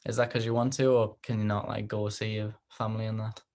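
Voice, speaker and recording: A man's voice: lowish voice, flat delivery, fast, a little mellow. A man hosting a casual interview, laid-back and chatty, with a groggy morning voice and frequent ums. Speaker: host.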